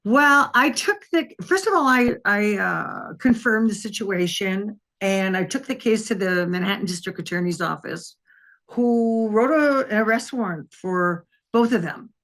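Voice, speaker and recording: Brief: older ex-detective woman from Wisconsin, chatty storyteller, loose and rambling, mid-pitched voice. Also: animated, unhurried, a bit bright. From Wisconsin, USA. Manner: rambling, conversational, frequent restarts and fillers. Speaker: interview guest, former police detective. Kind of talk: anecdotal storytelling in an interview.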